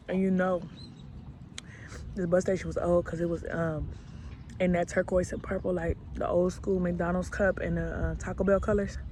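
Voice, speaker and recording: A woman vlogger tells a story in a chatty, unhurried way, full of slang. She talks casually to her viewers. Loud outdoor and traffic noise sits clearly behind her voice. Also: on the low side. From Alabama, US South. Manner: laid-back, slangy and chatty. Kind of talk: storytelling vlog.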